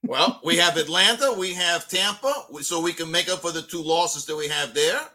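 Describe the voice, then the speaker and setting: A man co-hosting a casual sports podcast, quick to joke and to make predictions. His voice sits a little high and rings very bright and sharp. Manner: animated, joking. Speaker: podcast co-host.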